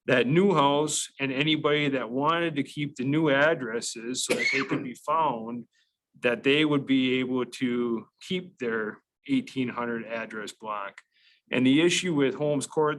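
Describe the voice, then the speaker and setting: A man's voice: mid-range voice, fairly bright tone, low-quality recording. A man on county staff explaining an address change to a committee in a methodical way, with frequent fillers and restarts. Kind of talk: public meeting explanation.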